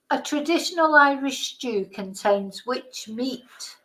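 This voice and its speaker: A woman's voice: mid-range voice, takes it slowly, low-quality recording. A woman hosting a casual live-stream quiz, chatting, laughing and thinking aloud as she reads the questions. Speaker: host.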